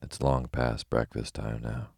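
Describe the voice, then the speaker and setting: A man's voice: rumbling low, flat delivery, measured pace, vocal fry, a little mellow, slightly rough, no echo, clean studio sound, exaggerated voice. A man voicing an earnest, polite little girl in a storybook reading.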